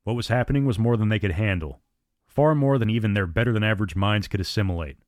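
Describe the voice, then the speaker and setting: A man narrating a suspense story in a measured, dramatic audiobook reading. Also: on the low side, a little mellow, no echo, clean studio sound.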